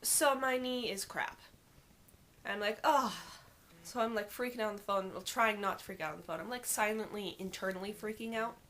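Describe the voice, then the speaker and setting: A teenage girl telling a vlog story in an animated, sarcastic and exasperated way. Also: medium pitch, a little fast, a little hiss or hum. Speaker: vlogger.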